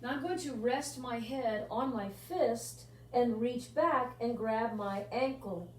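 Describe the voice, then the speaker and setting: A woman with a fairly high voice leads a pilates workout, counting out kicks and stretches at an unhurried pace. She sounds a little far from the mic in a reverberant room, with a faint hum behind her. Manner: counts out moves with rhythmic cues. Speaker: pilates instructor. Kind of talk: guided workout instruction.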